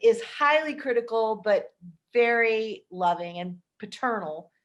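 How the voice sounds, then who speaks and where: A woman's voice: on the high side, expressive, highs cut off. Chatty woman podcast host. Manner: chatty, enthusiastic, quick asides. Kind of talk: casual film chat.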